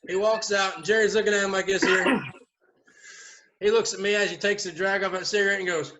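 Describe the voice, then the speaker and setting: A man with a drawl spins a tale among friends, lively and swearing now and then. His voice sits fairly high and sounds bright and forward. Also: brisk, slight background noise, rough recording. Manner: animated storyteller, swears and laughs. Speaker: host. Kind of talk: casual storytelling chat.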